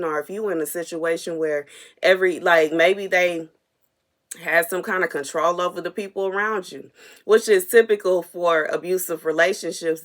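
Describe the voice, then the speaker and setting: A woman delivering an unscripted prophetic message to her viewers, earnest and repetitive, at times emotionally stirred. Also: lowish voice. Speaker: prophetic minister.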